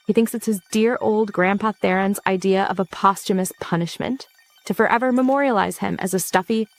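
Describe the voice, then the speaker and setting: A woman's voice: mid-range voice, dry recording. A woman narrating a story recap from a script, in a campy, sarcastic and theatrical way.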